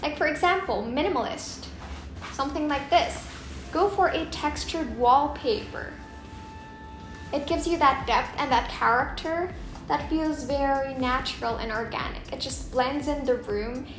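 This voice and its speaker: Filipina woman chatting about home design, a bit high-pitched, echoey room, music in the background. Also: a little slow. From Philippines. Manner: enthusiastic, shows off samples with a chatty, descriptive flow. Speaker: interior designer and vlog host. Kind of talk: casual design vlog talk to camera. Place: home under renovation, indoors. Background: background music, occasional banging.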